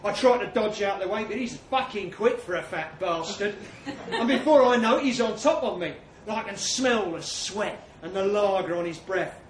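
Man, crude comic storytelling, high voice, roomy far-off sound. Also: expressive, moderate pace, a little hiss or hum. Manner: crude, mock-tough bloke's voice for quotes, audience laughing. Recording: echoey room from far off.

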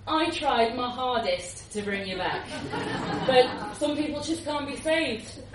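A woman's voice: sits high, slow pace, a crowd in the background, background noise, pitched above the performer's own voice. A woman voicing a bored, cynical male policeman, laconic and world-weary. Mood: smug. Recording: roomy, distant live recording.

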